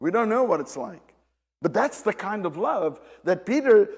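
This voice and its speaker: A man delivers a sermon in a high voice that leaps up and down. He speaks slowly and emphatically, circling back over his phrases and calling out to the congregation. His words ring through a hall with a long reverb. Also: sing-song, breathy edge. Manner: emphatic, repeats and restarts phrases, addresses the congregation directly. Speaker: preacher.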